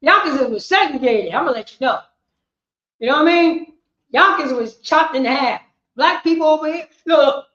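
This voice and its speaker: A woman teaching a history class, lecturing emphatically, repeating herself and rising to shouts. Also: high voice, expressive, normal speed. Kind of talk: street-preaching lecture. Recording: roomy, dull lo-fi sound.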